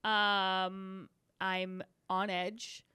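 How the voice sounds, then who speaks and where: A pregnant woman in her thirties co-hosting a podcast, telling a story in animated, swearing bursts and acting out what people said. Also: mid-range voice, drawn-out words, clear, resonant tone, dry recording, clean studio sound. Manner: animated storytelling, swears freely, acts out quotes. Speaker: podcast co-host. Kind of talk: casual chat.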